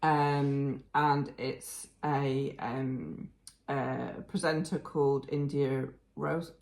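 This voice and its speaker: A woman's voice: a bass voice, steady tone, drawn-out words, vocal fry, darkish tone. A New Zealand woman co-hosting a casual crafting podcast, understated and not gushy in her praise. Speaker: podcast co-host. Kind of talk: casual chat.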